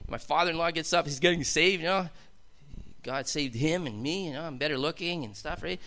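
A man's voice: on the high side, fairly quick, pushed and bright. A man telling his personal testimony to a congregation in an emphatic, storytelling way that builds to fervent outbursts. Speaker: testimony speaker.

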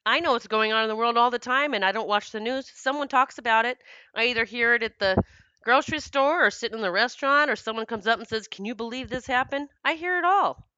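A woman talks through a spiritual monologue in an earnest, rambling way, often laughing and dropping the odd swear word. Her voice is bright and crisp, recorded dry and close with no room sound. The sound is a little dull, like a modest home setup. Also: fairly high pitch, fast talker, no echo. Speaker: spiritual podcast host.

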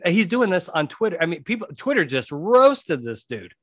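A man with a slightly high voice gives blunt advice in an emphatic, conversational monologue. He hammers his main points by repeating them, often checking in with a quick "okay". The sound is close and dry, with no room around it. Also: big pitch swings, dry recording. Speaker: podcast host and jury consultant.

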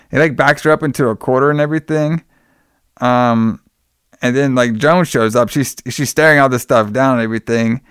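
A man casually recapping a film for his podcast audience, rambling and dropping swear words, laughing as he acts out the characters' lines. His voice is smooth and clear, at an ordinary pitch. The recording is dry and close. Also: fairly even intonation, brisk, fairly bright tone, dry recording.

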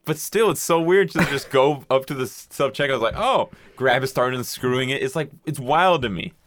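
A man's voice: mid-range voice, a little fast, a bit bright, dry recording. A young man in casual chat, telling a long rambling story with casual swearing and acted-out quotes. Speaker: podcast co-host telling a story.

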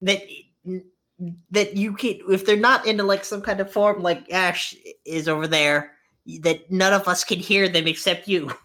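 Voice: mid-range voice, fairly even intonation, a little slow, sharp tone. A tabletop role-play player who reacts with incredulous questions and often trails off.

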